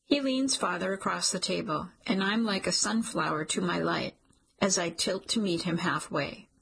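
A woman's voice: on the low side, normal speed, vocal fry, a bit bright, breathy edge, rough recording. A woman narrating a romance audiobook in first person, intimate and emotional.

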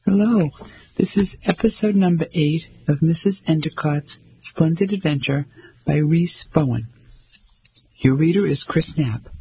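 A man reading a novel aloud as a volunteer audiobook narrator, steady and clear. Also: a little high, measured pace, slight background noise, low-quality recording. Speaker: volunteer reader.

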